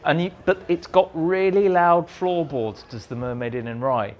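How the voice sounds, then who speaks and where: A man, a writer being interviewed at a fan society, telling lively anecdotes and mimicking people in squeaky voices. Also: normal speed, muffled recording, a little hiss or hum. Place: room at a fan society meeting.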